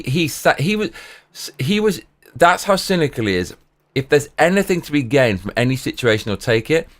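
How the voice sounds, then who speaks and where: A man streamer telling rambling, profane stories in casual chat, full of restarts and swearing. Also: fairly low pitch.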